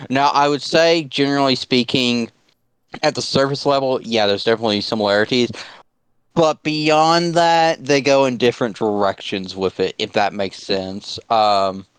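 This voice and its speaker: A man's voice: medium pitch, smooth, dry recording, low-quality recording. A man co-hosting a podcast in easygoing, joking casual chat. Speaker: podcast co-host.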